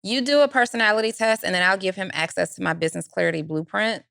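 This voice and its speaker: A woman's voice: medium pitch, quick pace, creaky, a bit bright, no room sound, studio quality. A middle-aged woman co-hosting a business podcast, giving direct step-by-step advice. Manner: direct, advising, explains step by step. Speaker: podcast co-host, business coach. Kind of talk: casual chat, advice.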